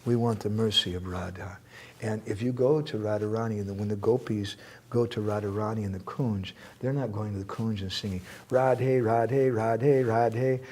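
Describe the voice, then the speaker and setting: A man giving a spiritual lecture and answering questions, animated and joking, reciting verses. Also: fairly low pitch, a little fast, breathy edge. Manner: animated, quotes verses, jokes and laughs. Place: temple hall.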